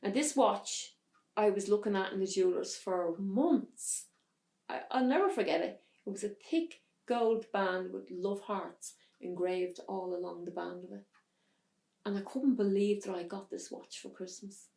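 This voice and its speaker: A woman telling a hard personal story as an interview guest, in a halting way with restarts. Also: medium pitch, creaky, darkish tone, roomy sound. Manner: halting, restarts under strain. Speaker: podcast guest.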